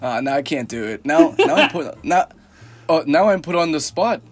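A man's voice: a little high, big pitch swings, moderate pace, soft background music. A man co-hosting a casual podcast, ribbing his friend and arguing for fun. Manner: teasing, argumentative banter. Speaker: podcast co-host. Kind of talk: casual chat.

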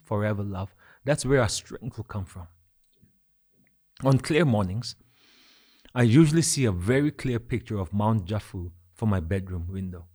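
Emphatic preacher. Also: male voice, fairly low pitch. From Nagaland, India. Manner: emphatic, builds with repeated phrases and swings of loudness. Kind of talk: sermon.

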